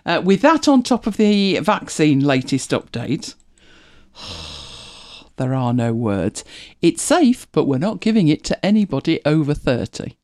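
Lively, chatty host. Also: medium pitch, unhurried. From United Kingdom. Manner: chatty, rambling, self-correcting, laughs often. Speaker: livestream host. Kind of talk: casual chat to viewers.

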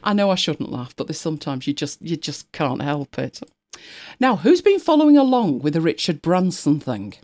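British woman, casual chat host, sarcastic, chatty, lively swooping voice, lowish pitch. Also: moderate pace. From United Kingdom. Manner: chatty and sarcastic, laughs often, thinks aloud while reading. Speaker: co-host of a live stream.

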